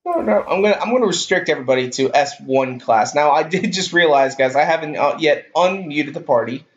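A man's voice: a little high, animated, fairly quick, reverberant. A man streaming a racing game live, talking casually in a rambling, easygoing way and often repeating himself. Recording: dull lo-fi stream audio.

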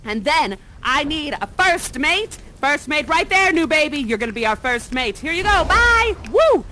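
A woman's voice: sits high, animated, normal speed, bright, forceful tone, low-quality recording. A woman actor guiding an audience through an interactive performance, talking in a playful, silly and theatrically dramatic way into a headset mic.

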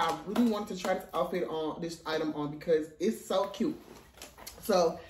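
A young man, filming a casual try-on haul in his dorm room, out of breath, playful and sassy, with excited high squeals. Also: moderate pace, distant mic, a little hiss or hum. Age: young adult. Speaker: vlogger. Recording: roomy, from off the mic.

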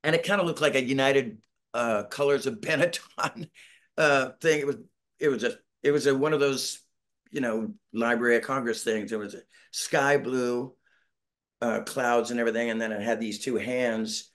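A man's voice: mid-range voice, fairly even intonation, moderate pace, a bit bright. A middle-aged man telling a long story over a video call from home. He rambles, restarts and plays out quotes from other people as he goes. His tone is casual and self-deprecating. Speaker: band member, interview guest. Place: home, Northern California.

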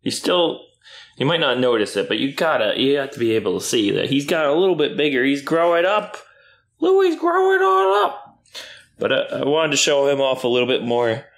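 A man chatting casually on camera while playing with his puppy, playful, often jumping up into high baby-talk at the dog. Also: fairly quick. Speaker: YouTuber filming his dog. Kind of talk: casual vlog chat with a puppy.

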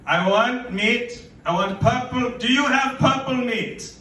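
A man voicing a demanding old Italian grandmother customer who complains rapidly and indignantly. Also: a little high, fairly bright tone, slight background noise, voice pushed up. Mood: whiny. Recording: roomy, from far off.

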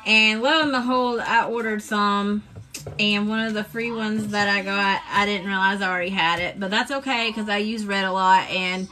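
A woman chatting casually on a live stream, showing off her craft supplies in a drawn-out, enthusiastic way. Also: medium pitch, steady tone, bright, forceful tone, rough recording.

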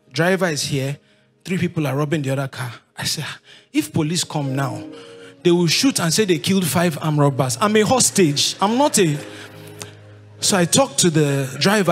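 A man with a Nigerian accent in his thirties, telling his life story to an audience in lively, animated storytelling. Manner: lively, acts out voices of others with big pitch jumps, laughs while telling.

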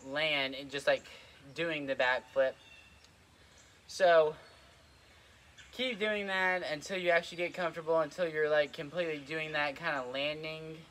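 A man's voice: fairly high pitch, pushed and bright, a little hiss or hum. Breathless young man rambling trampoline tips. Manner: rambling, lots of "like" and "kinda", repeats himself. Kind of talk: casual instructional vlog. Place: outdoors on a trampoline.

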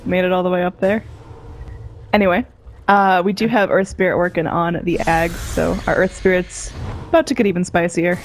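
A woman's voice: fairly low pitch, normal speed. Female esports caster, laid-back play-by-play, faint hiss behind. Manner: relaxed, chatty play-by-play with slang. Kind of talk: live game commentary.

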